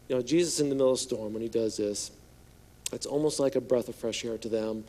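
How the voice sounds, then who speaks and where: A male pastor preaching a sermon in a conversational, joking way, slipping into hushed voices for quoted lines. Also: mid-range voice, fast. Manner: conversational, playful asides, acts out quotes in hushed voice.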